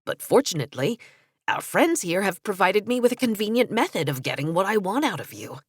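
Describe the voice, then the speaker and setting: A woman's voice: medium pitch, big pitch swings, a little fast, breathy edge, no room sound, studio quality. A woman voicing a cold, scheming male villain who taunts his captives. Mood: smug. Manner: sneering, taunting.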